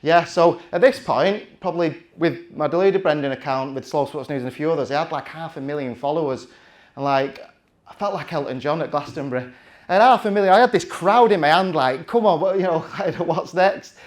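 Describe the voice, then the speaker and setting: A man's voice: on the high side, brisk. A man, telling a chatty, self-mocking story from the stage with plenty of restarts. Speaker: conference speaker.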